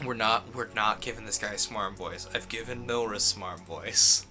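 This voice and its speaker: A man's voice: lowish voice, normal speed, pushed and bright, soft background music. A man streaming a game, rambling casually and chuckling at his own jokes. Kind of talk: casual gameplay commentary.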